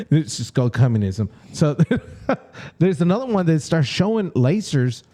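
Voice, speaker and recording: Young man with a mellow, laughing voice. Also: fairly high pitch, slow. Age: young adult. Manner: laughs often, animated storyteller. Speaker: podcast co-host. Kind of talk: casual chat.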